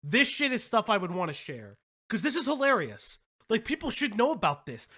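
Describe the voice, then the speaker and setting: A high-pitched man hosts a casual commentary stream, his bright voice jumping around with excitement. He often breaks into shouts and laughter and swears freely. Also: normal speed.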